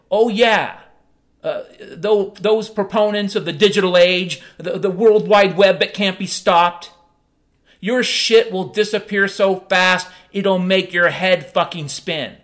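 Profane, heated man ranting, high-pitched. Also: measured pace. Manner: profane, heated, swings between shouting and low muttering. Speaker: podcast host. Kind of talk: angry political rant.

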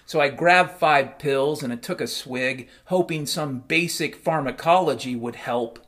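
A man's voice: on the high side, a little slow, hardly any pauses, pushed and bright. A man telling a first-person story in a casual, wry, matter-of-fact way, over piano music.

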